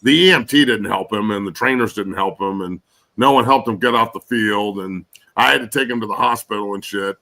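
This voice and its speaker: A man's voice: fairly low pitch, fairly quick, sharp tone, rough recording. A man in his forties, a guest and former pro football player, ranting angrily and cursing in casual podcast chat. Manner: angry, profane ranting.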